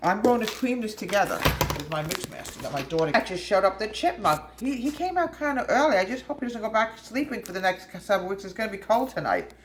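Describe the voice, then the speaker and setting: A woman talks her viewers through a recipe in a chatty, homespun way, often calling them folks and drifting into small talk. Her voice sits at an everyday middle pitch. It rings off the hard surfaces of a home kitchen over a steady bed of background noise. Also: quick pace, few pauses, roomy sound, poor audio. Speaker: home baking video host. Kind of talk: casual cooking demonstration.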